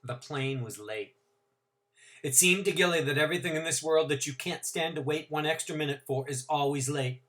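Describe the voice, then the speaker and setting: Bright-voiced man reading a novel aloud. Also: fairly high pitch, moderate pace. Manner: expressive, dramatic reading with varied emphasis. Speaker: teacher.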